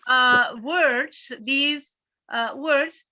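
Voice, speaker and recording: A middle-aged woman with a Turkish accent teaching an English class, explaining patiently in halting sentences with many fillers. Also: high-pitched, pushed and bright, low-quality recording.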